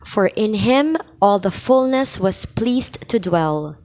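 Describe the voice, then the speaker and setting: Woman lector, mid-pitched voice, unhurried and deliberate delivery, coaching scripture reading. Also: lively intonation, darkish tone, low-quality recording. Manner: measured, deliberate, pausing between phrases. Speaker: lector practice host. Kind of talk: slow liturgical reading practice.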